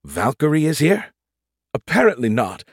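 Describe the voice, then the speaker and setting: A man voicing a polite, motherly female ship AI who gently teases and calls people dear. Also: fairly high pitch, wildly swooping pitch, normal speed, no echo, clean studio sound, pitched above the performer's own voice, exaggerated voice. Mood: prim and polite.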